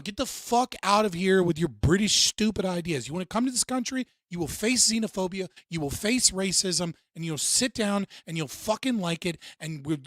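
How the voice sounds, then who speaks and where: A man hosting a casual live stream, ranting and joking with plenty of swearing. His voice sits a little high, and the recording is dry and close. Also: a bit bright, dry recording. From United States. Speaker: livestream host.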